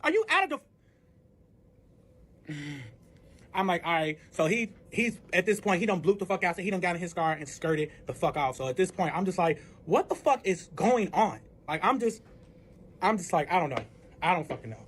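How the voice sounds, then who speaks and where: Fast-talking, high-voiced young man telling a story. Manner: animated, profane storytelling, acting out both sides of the dialogue. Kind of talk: casual storytime vlog.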